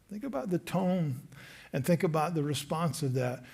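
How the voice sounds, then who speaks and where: A Southern American man preaching in a church with a fairly high voice. He delivers the sermon animatedly and slips into indignant voices when quoting the crowd. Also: expressive, normal speed, vocal fry, darkish tone, breathy edge. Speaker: pastor. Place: church sanctuary.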